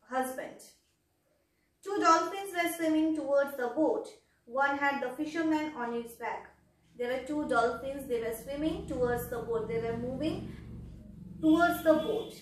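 Brief: high-pitched woman teacher retelling a children's story line by line, echoing room, mic far away. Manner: retells each sentence in simpler words. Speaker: English teacher. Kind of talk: storybook lesson for young children. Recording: echoey room, voice from afar.

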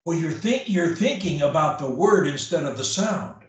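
A man's voice: on the high side, expressive, moderate pace. A man coaching a client on her speech, blunt and emphatic, repeating key phrases to drive them home. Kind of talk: one-on-one coaching session. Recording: echoey room, far from the mic.

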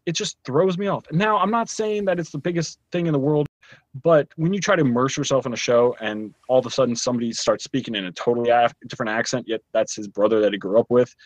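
A man's voice: mid-range voice, no echo. A man co-hosting a podcast, giving a casual, rambling TV review with lots of fillers. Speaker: podcast co-host reviewing a show.

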